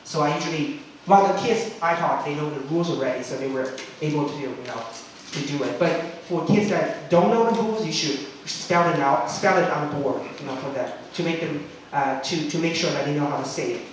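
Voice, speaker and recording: A man's voice: fairly high pitch, a little fast, slight background noise. Man teaching from far in an echoey room. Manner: chatty, frequent "okay?" checks, demonstrates chants. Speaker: English teacher. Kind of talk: teacher training talk.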